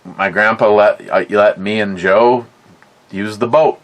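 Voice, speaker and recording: A man's voice: on the low side, steady tone, measured pace. A middle-aged man telling a rambling, profane story in a casual way, often repeating his words. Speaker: podcast host.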